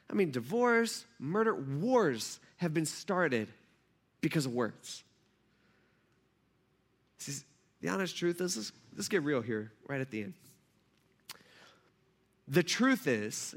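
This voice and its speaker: A man preaching a sermon as a pastor in church, conversational and self-deprecating, acting out quoted voices with big jumps in pitch. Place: church hall.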